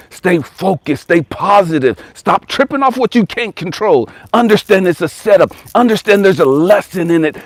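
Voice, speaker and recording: This spiritual coach delivers a motivational talk in a fairly high voice, with no echo in the recording. He emphatically repeats his urgings, spins stories in a loose, slangy style, and drops casual swear words.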